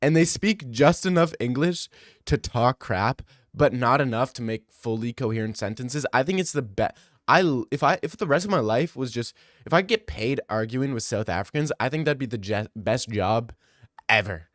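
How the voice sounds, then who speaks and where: A man's voice: medium pitch, lively intonation, normal speed, no echo, studio quality. A young man streaming, reading live comments in joking, rambling casual chat.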